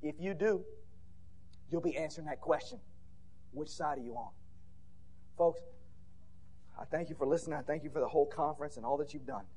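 Fiery high-voiced male preacher. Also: brisk, long pauses, husky. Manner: shouting peaks and rhetorical questions. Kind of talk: fiery sermon. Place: church conference hall.

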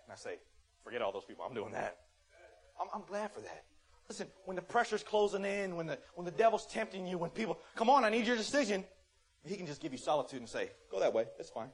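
A man preaching a sermon, swinging from loud scolding to quiet, earnest testimony and acting out little dialogues in quick voices. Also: on the high side, expressive.

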